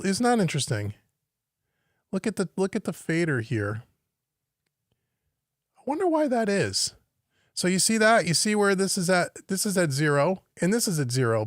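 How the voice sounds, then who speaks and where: A man's voice: on the high side, dry recording, studio quality. A man teaching home recording on a live stream, thinking aloud as he works and puzzling over what he sees on screen. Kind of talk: live-stream software walkthrough. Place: home studio.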